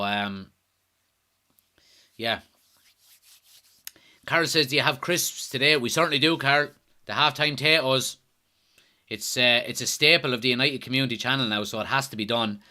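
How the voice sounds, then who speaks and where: An Irish man hosts a live football watchalong stream from home, chatting casually as he reads out viewer comments and replies to them. His voice sits in the mid-range with a sharp edge.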